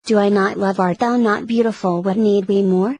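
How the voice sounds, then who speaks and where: A woman voicing a lovesick, brooding young nobleman in an audiobook reading of a verse play, measured and reading stage punctuation aloud. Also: medium pitch, fairly even intonation, darkish tone, no echo, close to an everyday voice, rough recording. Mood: impassioned.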